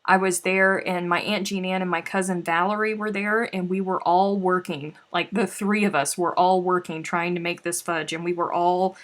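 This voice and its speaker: A woman with a lowish, level voice hosts a relaxed craft livestream, chatting as she works and reading viewer comments aloud. She talks at a normal speed with few pauses, and sighs and laughs along the way.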